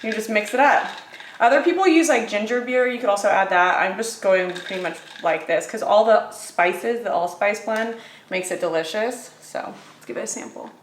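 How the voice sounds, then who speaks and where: Young woman, vlogger, casual chatty haul talk, mid pitch, roomy kitchen sound. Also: slight background noise. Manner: chatty, upbeat, quick with fillers. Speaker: vlogger reviewing grocery finds.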